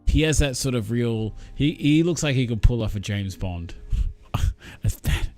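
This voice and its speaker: A man's voice: mid-range voice, expressive, unhurried, a little mellow, soft background music. A man chatting casually with viewers on a live stream, rambling in an easygoing way with lots of ums and thoughts that trail off.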